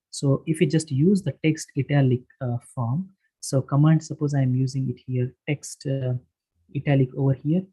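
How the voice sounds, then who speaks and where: A man leads an online screen-share lesson, walking through each step with frequent pauses, fillers and restarts. His voice is mellow and a little husky, at a middle pitch. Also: rough recording. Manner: halting, many fillers and restarts, explains step by step. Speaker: workshop instructor. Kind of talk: screen-share tutorial lecture. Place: online session, voice from his own room.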